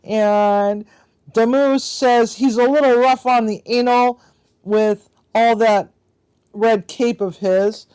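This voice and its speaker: A woman's voice: on the high side, steady tone, takes it slowly, dark tone, smooth. A woman hosting a casual livestream card game, reading out players' answers with chatty asides and frequent laughter. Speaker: livestream host.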